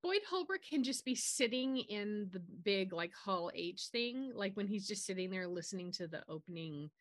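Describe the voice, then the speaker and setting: A woman's voice: mid-range voice, lively intonation, moderate pace, dry recording, clean studio sound. A woman co-hosting a casual TV discussion podcast, enthusiastic, with trailing phrases. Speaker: podcast co-host.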